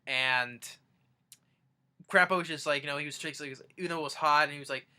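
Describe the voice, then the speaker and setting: A young man casually recounting favorite videos in a rambling, halting way, restarting sentences as he goes. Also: fairly high pitch, bright, forceful tone, clean tone. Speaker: fan vlogger. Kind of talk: casual countdown retelling.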